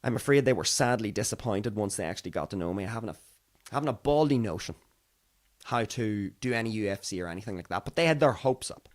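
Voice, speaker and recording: A man's voice: lowish voice, lively intonation, fast talker. A young Irish man hosting a podcast, chatting casually and wandering off topic as he talks through the news. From Ireland. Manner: chatty and digressive, acts out other people's voices. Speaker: podcast host. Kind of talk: casual solo commentary.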